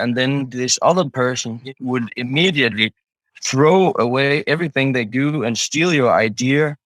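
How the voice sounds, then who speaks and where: A man's voice: mid-range voice, a bit bright, no room sound, low-quality recording. A man talking as an interview guest, a startup founder, hesitant, with many restarts and fillers. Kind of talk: casual interview talk.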